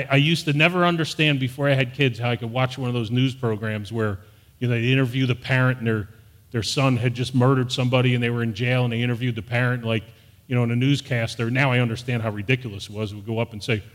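A man's voice: mid-range voice, steady tone, fast talker. Male preacher in a reverberant hall. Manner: earnest preaching, rising to emphatic peaks. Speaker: pastor. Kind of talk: sermon.

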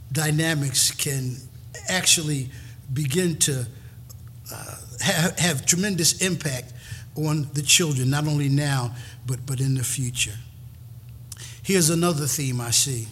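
A man's voice: a little high, a bit bright, a little hiss or hum. A middle-aged male pastor preaching a sermon in a folksy, emphatic way, often repeating words as he builds a point.

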